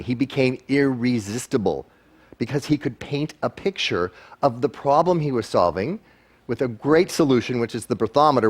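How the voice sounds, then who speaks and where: A man gives a motivational talk to a live audience, slipping into quick impressions of the people he quotes. His delivery is playful and self-deprecating, with a voice of ordinary middle pitch. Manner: animated, acts out quoted voices. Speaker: guest speaker.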